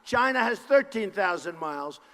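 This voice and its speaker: Boastful high-voiced man at a rally. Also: lively intonation, normal speed. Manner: boastful, repetitive punchy phrases, bursts of shouting. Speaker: political candidate at a campaign rally. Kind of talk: campaign rally speech. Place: large indoor rally venue. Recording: long reverb of a large hall.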